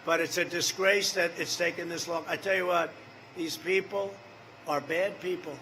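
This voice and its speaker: An older man in his seventies speaks at a campaign rally in a high, piercing voice. He rambles, circles back to repeat his points and tosses quick asides to the crowd. Faint ambient noise sits behind him. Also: steady tone, sharp tone, rough recording. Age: 70s. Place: large rally venue.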